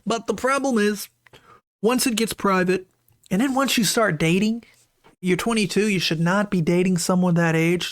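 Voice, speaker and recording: A man's voice: high-pitched, normal speed. A man hosting a casual online commentary, talking through screenshots in a chatty way and often checking in with "right?", with disgusted, incredulous asides. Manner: chatty, keeps asking "right?".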